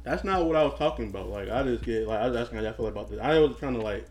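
A man's voice: mid-range voice, lively intonation, a little mellow, faint music behind. Guy hosting a chill podcast w his pals, joking around, keeps saying my bad. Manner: joking, quick to say sorry. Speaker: podcast host. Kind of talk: casual podcast chat.

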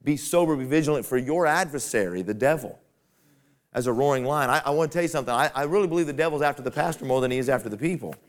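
A man's voice: mid-range voice, animated, rapid-fire. Folksy male preacher, dynamic delivery. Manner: folksy preaching, rising to emphatic peaks. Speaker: pastor. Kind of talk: sermon.

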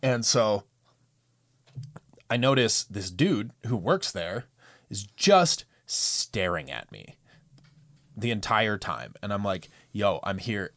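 A man telling stories in a relaxed casual chat, with plenty of fillers. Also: on the low side, slow, long pauses, no echo, clean studio sound. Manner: laid-back storytelling with fillers. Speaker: window cleaner.

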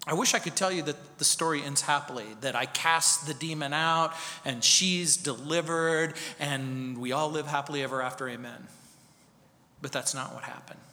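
A pastor in his fifties preaching a sermon, telling a story dramatically and dropping from loud to hushed. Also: medium pitch. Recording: reverberant hall.

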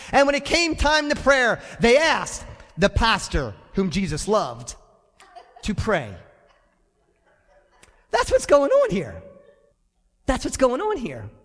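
A male pastor preaching a sermon in a church sanctuary, animated and conversational with touches of humor. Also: very high-pitched, measured pace, big-room sound.

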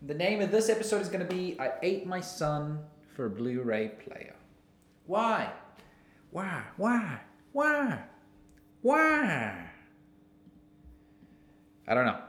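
Young male podcast host, goofy and rambling, high animated voice, roomy sound. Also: normal speed. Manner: goofy, jumps between silly voices and mumbling. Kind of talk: casual solo podcast rambling.

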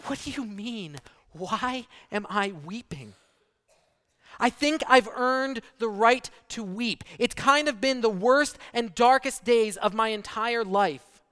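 An anguished, grieving woman pleads in a raised, defensive voice, as a man puts her on. Her tone is high and resonant. A long hall reverb trails every word. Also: slow pace, a bit bright, heavily acted. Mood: exasperated.

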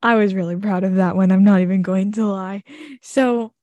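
A woman's voice: mid-range voice, steady tone, moderate pace, mellow, dry recording, muffled recording. A young woman with a Southern US accent co-hosting a podcast, chatting in an upbeat, joking way. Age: young adult. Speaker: podcast co-host. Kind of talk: casual chat.

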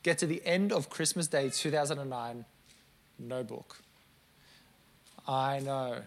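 A man in his late twenties preaching a sermon to a congregation, telling stories with lively, self-mocking asides. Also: medium pitch, measured pace, gravelly. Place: church service before a congregation.

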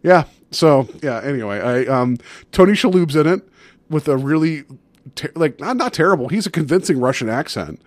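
A man's voice: on the high side, animated, normal speed, no echo. A man co-hosting a podcast, talking in a casual joking way with lots of fillers. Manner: joking, rambling with many fillers. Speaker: podcast co-host. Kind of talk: casual chat.

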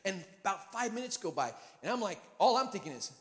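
A man in his fifties preaching a sermon as guest pastor, telling stories and building up to shouted preaching. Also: high voice, very animated, fast talker. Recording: long hall reverb.

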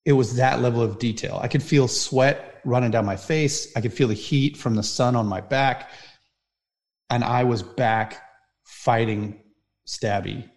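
Podcast guest, male, mid pitch, intense storyteller, swings from hushed to loud. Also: a little slow. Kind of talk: personal storytelling in conversation.

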